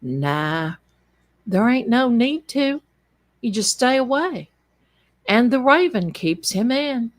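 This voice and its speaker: A woman voicing a middle-aged male small-town police officer who speaks in a slow folksy drawl and calls her ma'am. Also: a little high, very animated.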